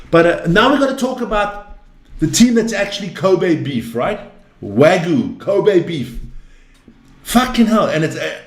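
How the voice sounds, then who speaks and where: A man's voice: sits high, reverberant. A man hosting a rugby chat show, ranting and swearing, from South Africa. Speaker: rugby channel host. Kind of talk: heated casual chat.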